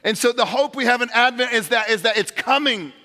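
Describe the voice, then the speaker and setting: A man delivers a sermon as pastor in a large church sanctuary, speaking earnestly to the congregation and often restarting his words. His voice sits high and bright. Long reverb from the hall trails behind every phrase. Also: fairly quick. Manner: earnest preaching with restarts and direct address.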